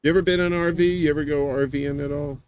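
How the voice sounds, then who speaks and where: A man's voice: on the high side, fairly even intonation, fast, smooth. A man hosting a show, chatting casually in a rambling, teasing way with lots of fillers and restarts. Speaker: podcast host. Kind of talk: casual chat.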